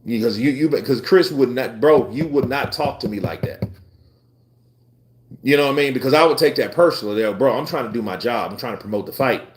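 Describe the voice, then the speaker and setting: Profane animated man on a roomy live stream. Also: mid-range voice, a little fast. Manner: animated, profane, talks back to chat. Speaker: boxing commentator hosting a live stream. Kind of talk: casual live stream chat. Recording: roomy echo.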